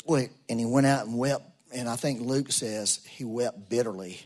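A man's voice: mid-range voice, moderate pace, a little mellow. A man preaching a sermon to a congregation, telling a story in a casual way and building to emphatic peaks. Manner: conversational storytelling, rising to emphatic. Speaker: pastor. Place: church room with congregation.

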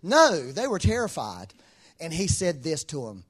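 A man preaching a sermon in an animated, conversational way, often chuckling between points. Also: mid-range voice, fairly quick, slightly rough.

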